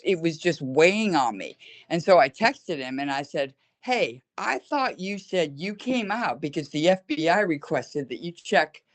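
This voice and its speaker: Woman animatedly retelling dialogue over video call. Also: sits low. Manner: speeds up in rushed bursts. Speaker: caller recounting her experience. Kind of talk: casual video call conversation.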